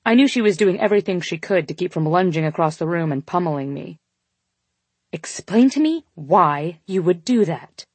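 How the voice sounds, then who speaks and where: A woman reading a first-person audiobook in steady, measured scripted narration. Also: low-pitched, slightly rough, no room sound.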